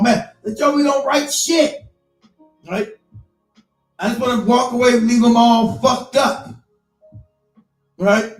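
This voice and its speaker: A man hosting a live stream, telling a personal story in a profane, animated rant. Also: very high-pitched, echoey room. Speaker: live-stream show host.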